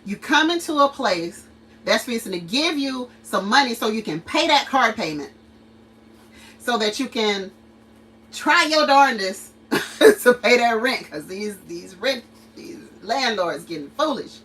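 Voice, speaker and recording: On a laid-back livestream, this channel host and mom tells stories and vents, breaking into laughter and animatedly acting out what people said. She speaks at a measured pace in a higher-leaning voice, captured from a distance on a low-quality recording.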